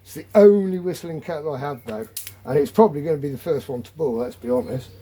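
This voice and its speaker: A man's voice: fairly high pitch, expressive, quick pace, mellow, a little hiss or hum. A middle-aged man chatting casually as he demonstrates his gear, rambling with joking asides. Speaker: off-grid living vlogger.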